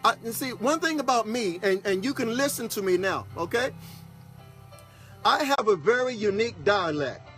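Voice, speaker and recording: A man's voice: high voice, expressive, moderate pace, a bit bright, faint music behind. A man, a pastor, telling a personal story in a folksy, casual way, often checking in with "okay?". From Texas. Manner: folksy, repeats "okay?" to the audience. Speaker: pastor and broadcast host.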